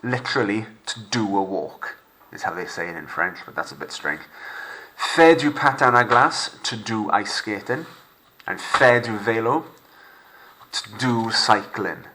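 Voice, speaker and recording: A man teaching a remote language lesson, modelling phrases slowly and clearly for pupils to repeat. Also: fairly low pitch, lively intonation, bright, forceful tone, low-quality recording. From Wales.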